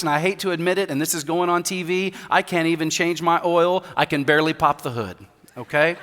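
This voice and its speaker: A man's voice: on the high side, steady tone, fairly quick, fairly bright tone. A male pastor preaching a sermon, emphatic, repeating key points, with light humor. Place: church sanctuary. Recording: reverberant church hall.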